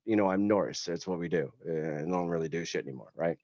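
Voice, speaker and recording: A man's voice: deep voice, quick pace, darkish tone, dry recording. Rambling joking man from West Tennessee. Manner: rambling, joking, swears casually. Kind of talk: casual storytelling. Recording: dull lo-fi podcast audio.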